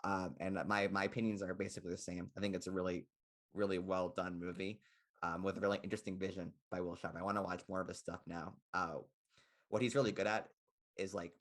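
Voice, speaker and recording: A young man with a low, deep voice chats quickly about movies, rushing from thought to thought. His speech is loose and rambling, packed with "like" fillers. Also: little pitch movement, fairly bright tone. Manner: rambling, heavy use of "like" fillers. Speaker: podcast co-host. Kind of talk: casual film chat.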